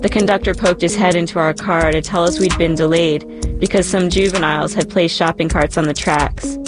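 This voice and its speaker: Woman storyteller, low voice, calm memoir read with music behind. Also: brisk. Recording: narration over music.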